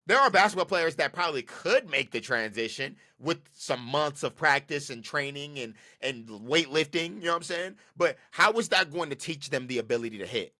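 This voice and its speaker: A man's voice: mid-range voice, bright, forceful tone. A man hosting a podcast, ranting about football in an emphatic, slangy way and repeating his points. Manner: slangy and casual. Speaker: podcast host. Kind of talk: solo football commentary.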